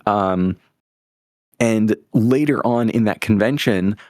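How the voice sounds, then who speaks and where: Man, young adult, low pitch, dry recording, casual storytelling, enthusiastic, rambling. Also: takes it slowly, a little mellow, no echo. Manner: enthusiastic, rambling, many fillers and restarts. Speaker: podcast guest.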